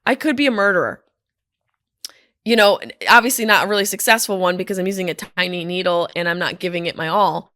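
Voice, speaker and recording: A woman comedian telling casual stories on a podcast, animated, profane and self-deprecating, from a hotel room. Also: on the low side, brisk, dry recording, studio quality. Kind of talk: casual storytelling monologue.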